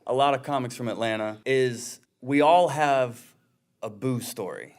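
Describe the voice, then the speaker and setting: A man's voice: mid-range voice, expressive, measured pace, darkish tone. A man hosting a comedy interview, asking short questions and giving brief replies. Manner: short prompts and backchannel replies. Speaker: podcast host. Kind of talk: casual interview.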